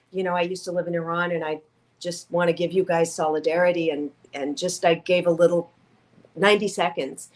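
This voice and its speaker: A woman guest in an interview, telling her story with feeling, acting out quoted voices and close to tears. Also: lowish voice. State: tearful. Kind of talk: conversational interview.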